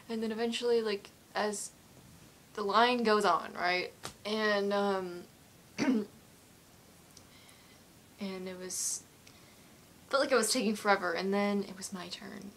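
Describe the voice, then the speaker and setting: A woman's voice: mid-range voice, slow, pauses often, a little hiss or hum. Woman, casual vlog, rambling, giggly, apologetic, emotional, at home. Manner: excitable, emotional storytelling. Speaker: vlogger answering fan questions. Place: at home with her cat.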